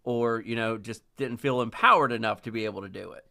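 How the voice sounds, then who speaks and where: A man with a bright, forward voice co-hosts a relaxed podcast. He agrees readily and pokes fun at himself. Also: fairly low pitch, a little fast, vocal fry. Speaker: podcast co-host. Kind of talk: casual podcast conversation.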